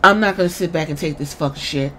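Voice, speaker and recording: Woman playing a ranting male boss, offended, profane, lowered voice. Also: fast talker, fairly bright tone. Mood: indignant.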